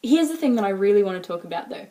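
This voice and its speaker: A woman's voice: mid-range voice, lively intonation, racing, warm tone. A woman with an Australian accent talking casually to the camera in a personal vlog, rambling along with lots of "like" and "um". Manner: chatty, rambling, full of "like" and "um". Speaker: exchange student vlogger.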